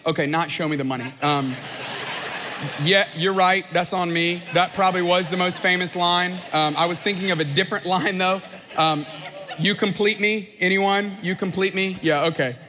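A man's voice: high voice, steady tone, moderate pace, background noise. A man preaching a sermon in a conversational, joking way, slipping into playful voices. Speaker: pastor. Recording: long hall reverb.

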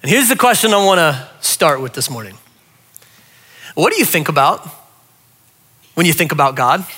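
A man, preaching a humorous sermon and telling stories with quick voiced asides. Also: on the high side, sing-song, bright, forceful tone, slightly rough. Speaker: pastor.

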